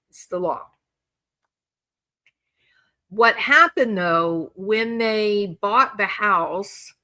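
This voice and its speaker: A woman talks through a true crime case in a relaxed, rambling way. Her delivery is slow and unhurried, and her voice has a bright, forward edge. She stops to correct herself often as she goes. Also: medium pitch. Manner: chatty, rambling, self-correcting. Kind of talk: casual commentary.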